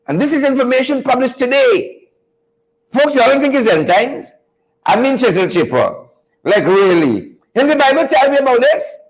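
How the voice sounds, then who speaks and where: A show host from Guyana with a high-pitched voice runs a live news commentary program, sounding folksy and a little preachy as he repeats lines and calls out to his viewers. The recording quality is low.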